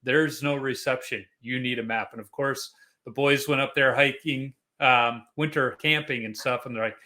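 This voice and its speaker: A middle-aged man hosting a podcast interview, telling relaxed, chatty stories. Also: mid-range voice, normal speed. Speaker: podcast host. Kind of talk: casual interview chat.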